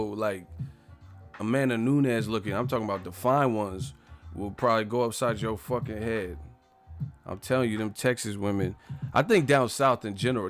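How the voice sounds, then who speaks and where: In a medium-pitched, slightly bright voice, a boxing stream host in his thirties reacts to viewer comments. The chat is loose and profane, full of rambling and laughter.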